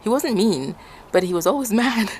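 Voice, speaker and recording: A woman from Ecuador chats straight to her viewers, recounting a story with a voice that rises and falls widely. She bursts into high, shouted quotes and frequent laughter. A faint background hiss sits under the recording. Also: animated, moderate pace. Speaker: vlogger.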